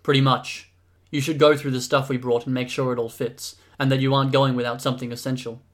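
A man's voice: mid-range voice, flat delivery, quick pace, lightly acted. A man reading aloud and voicing an earnest, uneasy young man in a storybook reading.

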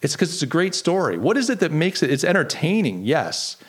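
A man's voice: fairly high pitch, big pitch swings, brisk, husky. A man hosting a solo podcast, talking in an earnest, conversational way with frequent restarts. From United States. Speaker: podcast host.

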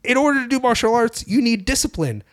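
A man's voice: extremely high pitch, sing-song, quick pace, a bit bright. A man co-hosting a podcast, chatting casually about movies and acting out quotes in silly voices. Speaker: podcast co-host. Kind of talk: casual movie-review chat. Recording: dry close mic.

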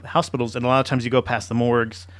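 A man's voice: medium pitch, level tone, quick pace, no room sound. A man in the middle of his range, bantering through a casual podcast with loose jokes and plenty of swearing. The mic is close and dry, with no room sound at all. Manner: joking, loose, swears freely. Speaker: podcast co-host.

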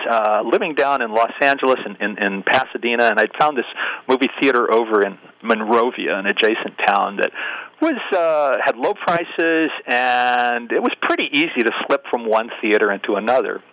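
A man's voice: medium pitch, moderate pace, fairly bright tone, no echo, poor audio. An older man, an interview guest, telling wry, self-deprecating stories in a casual way. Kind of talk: casual storytelling.

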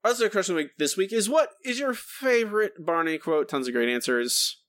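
Animated, sarcastic man co-hosting a podcast. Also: high-pitched, quick pace, dry recording, studio quality. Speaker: podcast co-host. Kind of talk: casual chat.

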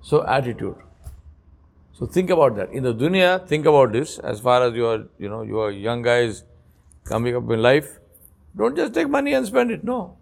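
A man delivering a religious lecture to young men. He is emphatic and repeats his points, drops to quiet asides, then rises to loud, pointed lines. He asks rhetorical questions throughout. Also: medium pitch, expressive, moderate pace, creaky. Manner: storytelling with repeated phrases. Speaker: Islamic lecturer.

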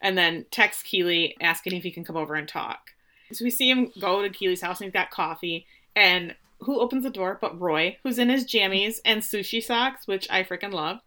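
A woman with a bright, forward voice chats casually about a TV episode. She retells scenes animatedly, dropping into quick voices for the characters and swearing freely. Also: medium pitch. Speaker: podcast co-host recapping a TV episode. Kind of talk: casual chat.

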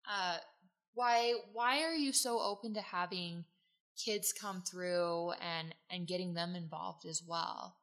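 A woman's voice: fairly low pitch, takes it slowly, fairly bright tone, poor audio. A woman hosting a podcast interview, easygoing and laughing along with her guest. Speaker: podcast host. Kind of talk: casual interview.

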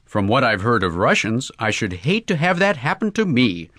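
A man voicing an excitable young male golfer, talking earnestly in breezy slang. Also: mid-range voice, moderate pace, no room sound, clean studio sound. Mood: indignant.

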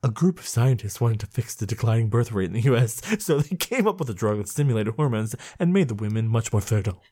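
A woman's voice: very deep voice, animated, fast talker, mellow, slightly rough. A woman co-hosting a comedy podcast, reading a raunchy book aloud in a playful, dramatic way. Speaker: podcast co-host.

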